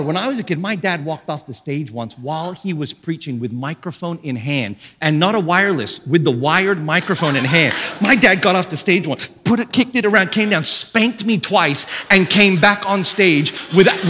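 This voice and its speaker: A man in his thirties preaching a sermon from a church stage, telling an animated story about his family and jumping up into high shouts for quoted voices. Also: big-room sound, noisy background. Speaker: pastor.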